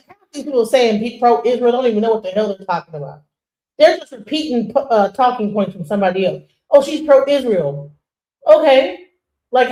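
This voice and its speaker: A woman hosts a casual commentary stream, animated and emphatic, dropping into mocking impressions. Her voice is a bit high and rings in an echoey room. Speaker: host.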